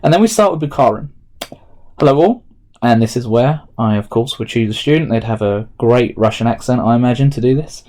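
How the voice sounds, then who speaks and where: Mellow-voiced teacher talking through a lesson. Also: male voice, mid-range voice, quick pace, hardly any pauses. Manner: explains step by step, thinking aloud while typing notes. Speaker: history teacher. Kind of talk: recorded remote lesson walkthrough.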